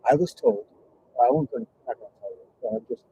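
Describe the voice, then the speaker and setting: A man's voice: mid-range voice, quick pace, mellow, dull audio, a little hiss or hum. A man telling a rambling personal story in casual talk, profane and full of restarts.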